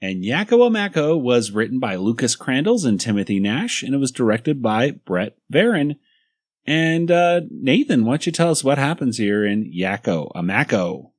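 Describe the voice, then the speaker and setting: A man's voice: medium pitch, very animated, moderate pace, no echo, studio quality. A man hosting a podcast in an easygoing way, leading the segment and cracking jokes. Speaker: podcast host. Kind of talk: casual podcast chat.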